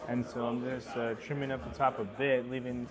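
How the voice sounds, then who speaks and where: Laid-back barber in a busy shop. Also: male voice, mid-range voice, little pitch movement, fairly quick, a crowd in the background. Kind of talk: casual chat while cutting.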